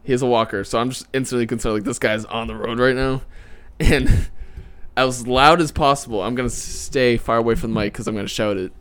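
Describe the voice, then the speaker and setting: This young man hosts a loose podcast with his friends. He rambles through everyday stories, laughs often and lets his voice rise when he gets worked up. His pitch sits in the middle of the range for a man. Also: fairly even intonation, fairly quick, fairly bright tone, clear, resonant tone. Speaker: podcast host. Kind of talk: casual podcast chat.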